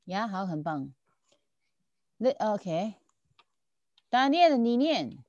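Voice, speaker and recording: Tutor, woman, lively up-and-down voice, patient and repetitive, dull dry sound. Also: mid-range voice, extremely slow, no echo. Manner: patient, repeats and checks understanding often. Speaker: Chinese language teacher. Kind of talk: online tutoring lesson.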